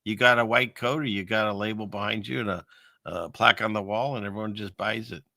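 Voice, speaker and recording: Rambling wryly through video clips, a show host offers casual commentary and talks to his chat. He speaks briskly in a fairly low, steady voice that's pushed and bright, captured in clean studio sound with no echo.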